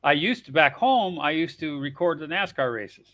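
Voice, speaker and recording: Bright-toned man telling stories on stream. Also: a little high, expressive, moderate pace, no echo. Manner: storytelling, laughs often, breaks into song. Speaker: live stream co-host. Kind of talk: casual chat.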